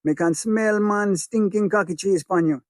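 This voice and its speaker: A man acts out a jealous, violent Jamaican father spitting crude abuse. His voice rides a little high, harsh and raging, recorded close and dry. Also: normal speed, no room sound, natural voice.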